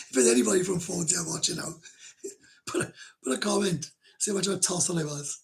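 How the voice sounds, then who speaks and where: A middle-aged Welsh man with a gravelly voice, pitched a bit high for a man. He hosts a casual livestream and chats with viewers in a blunt, rambling way. He swears freely and laughs often. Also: lively intonation, normal speed, pauses often. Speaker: livestream host. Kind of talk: casual livestream chat, reading comments.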